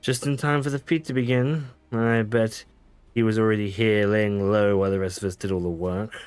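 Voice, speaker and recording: Casting: male gaming streamer, low-ish voice, reads game lines aloud with stumbles, faint game music behind. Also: steady tone, moderate pace, darkish tone, clean tone, no room sound. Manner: reads lines with stumbles, self-corrections and laughs. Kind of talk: reading game dialogue aloud while playing.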